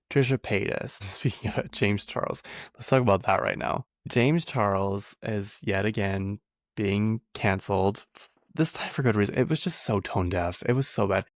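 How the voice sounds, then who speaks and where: A man's voice: fairly low pitch, vocal fry, no room sound. A man hosting a podcast, chatting casually about pop-culture gossip in a rambling way, full of "like.". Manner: chatty, rambling, heavy use of "like". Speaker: podcast host.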